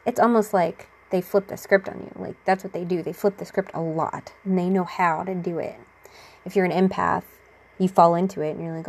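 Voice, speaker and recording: A woman's voice: on the low side, steady tone, brisk, vocal fry. A young adult woman talking casually to the camera about her own experiences, laughing often and acting out what others said. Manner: chatty, laughs often, acts out quotes. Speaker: vlogger sharing personal experience.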